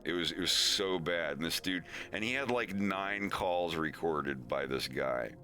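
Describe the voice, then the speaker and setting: Male streamer, casual rambling storyteller, bright tone. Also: low-pitched, measured pace. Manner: rambling, laughing, animated.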